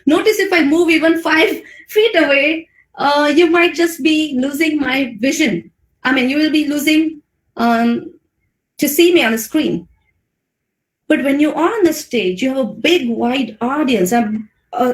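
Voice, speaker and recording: A woman with an Indian English accent giving a webinar talk on public speaking. She speaks expressively and shows voice modulation with big swings in pitch. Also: reverberant, rough recording. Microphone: video call mic.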